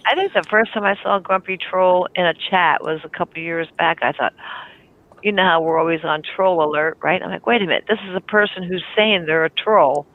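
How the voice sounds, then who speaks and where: A middle-aged woman with a raspy, warm voice, hosting a casual group voice chat and laughing often. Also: lowish voice, fairly quick. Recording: tinny phone-like line.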